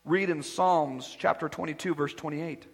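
A man with a high, husky voice preaches a sermon, dropping to quiet asides and then rising to loud declarations. His voice rings with the long reverb of a church hall. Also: steady tone, normal speed. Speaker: pastor.

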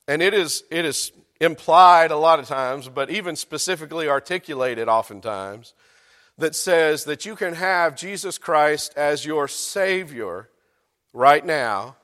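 A man's voice: fairly high pitch, fairly bright tone. A man, a pastor preaching a sermon in a church, conversational and joking with his congregation. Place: church sanctuary. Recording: long reverb of a church hall.

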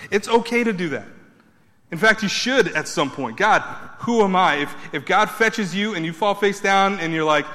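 A man preaching a sermon, building emphatic repeated points and then dropping his voice low. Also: lively intonation, normal speed, pushed and bright, big-room sound. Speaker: pastor.

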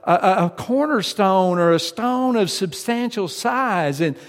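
A man preaching a sermon in a fairly high voice, with a long reverb trailing each phrase as if in a large church. He pauses on fillers, then presses his points with growing emphasis. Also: expressive. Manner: hesitant with frequent uh fillers, rising to emphatic preaching. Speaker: pastor.

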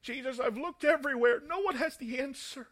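A man's voice: extremely high pitch, brisk, a bit bright, pitched above the performer's own voice. A man preaching acts out a desperate father who weeps and pleads for help for his son. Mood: desperate pleading. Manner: pleading, breaking, emotional.

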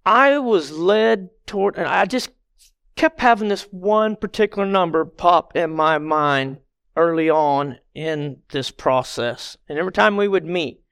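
A man's voice: a little high, lively intonation, a little slow, vocal fry, a bit bright, clear, resonant tone, no room sound, clean studio sound. A middle-aged man giving a conversational sermon as a lay church member, earnest and plainspoken, talking directly to the congregation.

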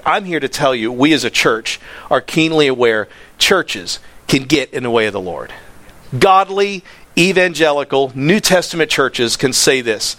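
A man preaching a sermon, excitable, swinging from near-yelling down to low, quiet stretches. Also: normal speed. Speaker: pastor.

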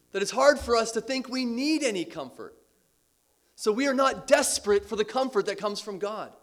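A pastor preaches with earnest emphasis in a somewhat bright voice, repeating key phrases and letting his voice drop low at the ends of lines. Now and then he gives a light laugh.

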